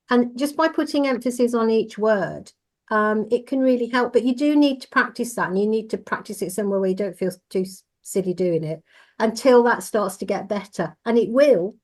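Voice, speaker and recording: A woman who trains driving instructors, talking in a measured, reassuring and explanatory way in a casual podcast discussion. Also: on the high side, a little mellow.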